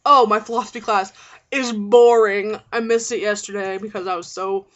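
A woman's voice: medium pitch, steady tone, moderate pace, a bit bright, highs cut off. A giggly young woman vlogging in a goofy, sarcastic way. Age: young adult. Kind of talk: casual vlog.

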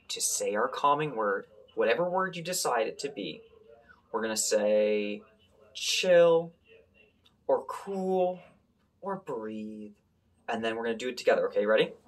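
A teacher with a fairly low, husky voice reads a picture book to children and leads them in calming breathing. He's gentle and encouraging, often lowering his voice to a soft whisper.

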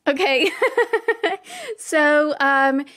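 A woman runs a tabletop game, narrating in a fairly high voice with easy laughs and plenty of fillers. The sound is dry and close to the mic. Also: level tone, extremely slow, fairly bright tone, no echo. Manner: casual, giggly, many fillers. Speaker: game master.

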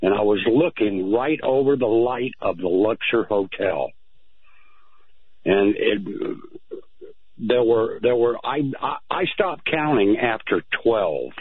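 A man calling into a radio show, telling his story in a halting way and repeating words. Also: fairly low pitch, animated, slightly rough, no room sound. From United States. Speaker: caller. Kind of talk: phone-in account. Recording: tinny phone line.

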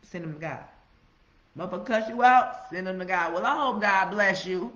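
A woman's voice: mid-range voice, expressive, moderate pace, echoey room. Woman, motivational rant, profane, emphatic, slightly muffled recording. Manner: profane, preachy, loud emphatic outbursts. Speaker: motivational vlogger. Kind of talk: casual motivational monologue.

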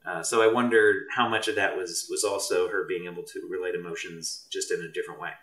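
A man's voice: deep voice, fairly even intonation, fast talker, fairly bright tone, recorded from a distance. A man, a mental health professional, talking thoughtfully as a guest in a casual discussion. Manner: thoughtful, meandering. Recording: roomy, off-mic.

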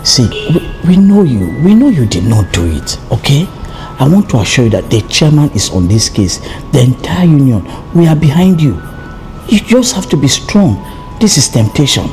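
Reassuring union colleague, earnest, animated pitch, faint music. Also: male voice, normal speed. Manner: earnest, comforting.

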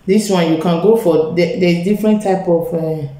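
A beauty vlogger with a Nigerian accent talks straight to viewers during a live makeup lesson, mixing English and Pidgin. Her fairly low, dark voice moves at normal speed, and the rough recording echoes off the room.

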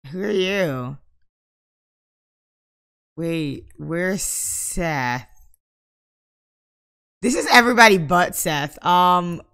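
Bright-voiced woman narrating her gameplay. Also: low voice. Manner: chatty, exclaiming, mock-exasperated at her characters. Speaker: gameplay commentator. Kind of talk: casual let's-play commentary.

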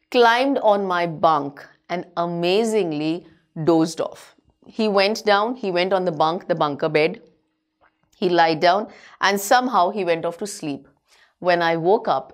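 A woman with an Indian English accent, an English teacher who reads a story aloud and explains it line by line, glossing words as she goes. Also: on the low side. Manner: reads a passage aloud, then paraphrases it line by line; glosses words with "as in" and "you know". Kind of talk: explaining a textbook chapter.

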